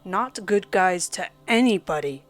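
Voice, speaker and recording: A woman's voice: mid-range voice, expressive, a little slow, natural voice. A woman voicing a hardened male mercenary leader who gives curt, clipped orders, with faint music underneath. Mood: scornful.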